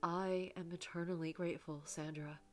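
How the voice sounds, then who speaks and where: A woman reading the lines of a shy, gentle divorced man in a story game, speaking hesitantly with pauses and restarts. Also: fairly low pitch, steady tone, soft background music, lightly acted. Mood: tender. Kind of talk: reading game dialogue aloud.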